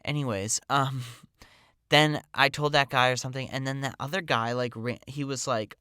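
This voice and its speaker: A man's voice: mid-range voice, steady tone, normal speed, sharp tone, clear, resonant tone, no room sound, studio quality. A man hosting a podcast, telling a personal story in a casual, rambling way full of "like" and "um".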